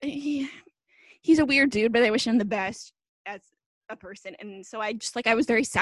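Young co-host, rambling and teasing, heavy on fillers; dry, close recording. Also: female voice, fairly high pitch, fairly quick, no echo. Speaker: podcast co-host. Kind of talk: casual chat.

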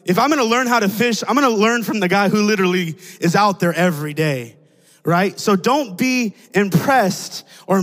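A man preaching a sermon in a conversational, animated way, telling a personal story and acting out the voices in it. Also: sits high, a little fast, long reverb tail.

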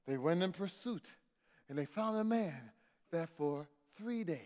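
A man's voice: on the high side, animated, unhurried, a little mellow. A middle-aged man preaching a sermon in rhythmic call-and-response, repeating refrains and calling out to the congregation. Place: church sanctuary. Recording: long reverb of a church hall.

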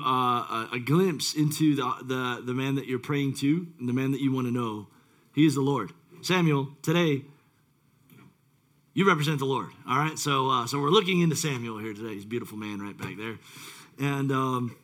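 A man's voice: on the high side, pushed and bright. A male pastor preaching a casual, rambling sermon with many fillers and self-deprecating asides.

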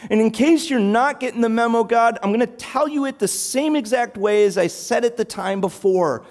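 A preacher acting out a self-pitying adult male prophet, complaining in a whiny, drawn-out voice. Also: extremely high pitch, darkish tone, pitched above the performer's own voice.

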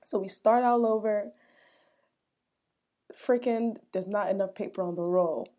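A woman in casual chat, telling an everyday story in an easygoing, expressive way. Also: mid-range voice, unhurried.

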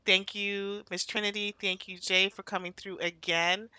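A woman hosting a podcast in casual chat, a bit tipsy from wine, animated and laughing, ranting then trailing off quietly. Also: medium pitch, normal speed, clear, resonant tone, dry recording. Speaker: podcast host.

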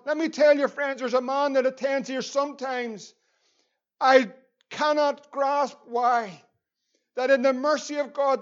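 A man's voice: very high voice, lo-fi sound. A man with a Northern Irish accent preaching a sermon as pastor, earnest and repeating phrases for emphasis.

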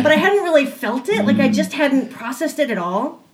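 A young adult woman telling a personal story in a casual way, animated, laughing often and acting out the voices she quotes. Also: sits high, a little fast, a loud crowd.

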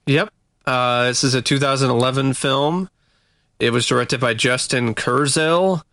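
A man co-hosting a podcast, talking casually and haltingly with lots of fillers. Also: mid-range voice, pushed and bright, no echo, clean studio sound. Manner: hesitant, many fillers. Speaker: podcast co-host. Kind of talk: casual chat.

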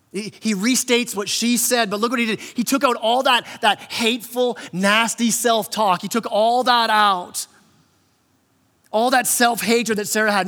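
High-voiced pastor preaching in reverb. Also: male voice, normal speed, bright, forceful tone. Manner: conversational preaching, frequent word repeats, acts out quotes. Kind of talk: sermon. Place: church hall.

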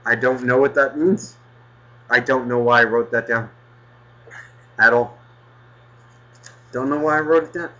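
A man's voice: mid-range voice, steady tone, unhurried, pauses often, pushed and bright, muffled recording. A man hosting a casual podcast, rambling and swearing, flaring into mock anger. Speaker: podcast host.

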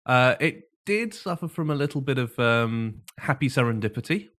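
A man's voice: mid-range voice, animated, moderate pace, fairly bright tone. A man co-hosting a podcast, telling the story in a casual chat and often laughing as he goes. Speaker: podcast co-host.

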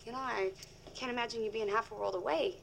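A woman's voice: a little high, fast, gravelly, fairly bright tone, low-quality recording. An actress playing a flustered, anxious young girlfriend in a sitcom. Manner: anxious, incredulous. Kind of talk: sitcom acting. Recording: TV clip with background noise.

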